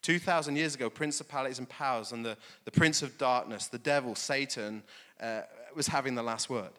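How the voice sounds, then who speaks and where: A man's voice: medium pitch, brisk, sharp tone. A pastor preaching a conversational sermon, often checking in with "okay?" as he talks. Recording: long hall reverb.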